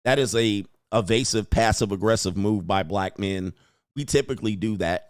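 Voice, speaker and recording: A blunt man holds forth on his livestream, hammering his points home and saying them twice for emphasis. His voice sits at an ordinary middle pitch and sounds close and dry, with no room around it. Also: fairly quick, no echo. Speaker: host. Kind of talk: livestream commentary.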